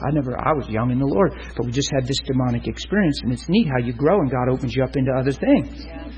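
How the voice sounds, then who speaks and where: Husky, emphatic male preacher. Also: mid-range voice, quick pace, few pauses. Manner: animated, emphatic, addresses listeners directly. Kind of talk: sermon storytelling. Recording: dull lo-fi recording.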